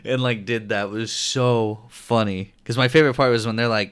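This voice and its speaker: A man hosting a casual podcast chat, laughing often and acting out quotes in animated voices. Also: medium pitch, normal speed, clean tone. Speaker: podcast host.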